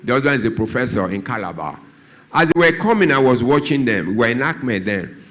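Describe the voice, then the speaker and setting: Brisk, expressive and fairly bright, this Nigerian man is a doctor addressing drug abuse in a church talk. Through storytelling he voices the people involved, his pitch swinging widely as he acts out their dialogue.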